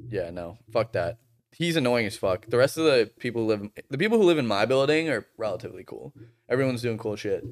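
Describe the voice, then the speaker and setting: A man's voice: medium pitch, fairly quick. A young man from Boston, a podcast guest telling stories in casual chat, swearing freely. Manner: profane, animated storytelling.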